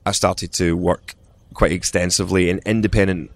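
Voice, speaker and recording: A man's voice: deep voice, level tone, normal speed. A middle-aged Scottish man, an actor, telling stories in a casual interview, rambling with restarts and acted-out quotes. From Scotland. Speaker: actor guest.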